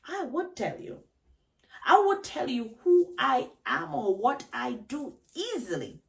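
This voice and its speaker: A woman's voice: sits high, sing-song, slow, gravelly, distant mic, rough recording. A woman vlogger giving a reflective talk on self-knowledge, emphatic, asking rhetorical questions and repeating key phrases. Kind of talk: reflective solo talk to camera.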